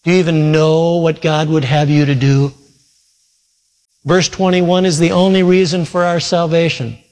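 A man's voice: fairly high pitch, flat delivery, normal speed. A man preaching a sermon, telling a long story earnestly and acting out the quoted voices. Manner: earnest storytelling with quoted retellings and sudden loud shouts. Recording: long hall reverb.

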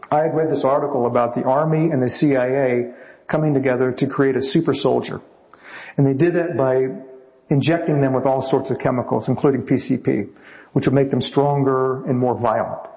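A man's voice: mid-range voice, a little fast, mellow, highs cut off. A man who writes novels, telling anecdotes in a wry, chatty way as an interview guest. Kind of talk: anecdotal storytelling.

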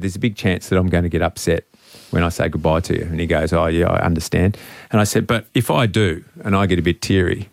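A middle-aged man with a fairly low voice tells a long, rambling story on air, sentimental and chatty. His speech is full of fillers and restarts. The sound is dry and close, with no room around it. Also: dry recording. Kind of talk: casual storytelling on radio.

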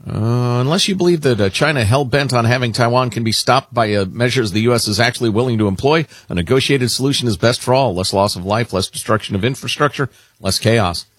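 A man's voice: medium pitch, brisk, fairly bright tone, husky, no echo. A man co-hosting a talk radio show, chatting casually and wryly reading listener emails aloud. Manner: wry, conversational, reads emails aloud with emphasis. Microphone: studio microphone.

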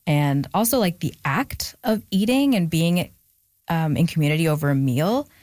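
A woman's voice: deep voice, lively intonation, normal speed, darkish tone, no echo. A young adult woman, an author being interviewed, talking reflectively with frequent fillers and restarts. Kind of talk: candid conversational interview.

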